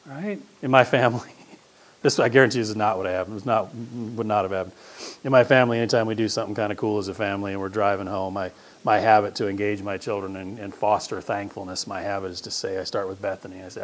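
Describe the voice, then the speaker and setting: A middle-aged man preaching a sermon as pastor, swinging between loud emphasis and hushed, quiet asides. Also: on the low side, steady tone, quick pace.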